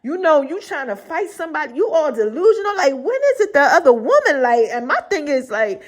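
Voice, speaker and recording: A woman hosting her own podcast, telling a story in a casual, animated way with frequent laughs and slangy asides. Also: high-pitched, a little fast. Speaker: podcast host.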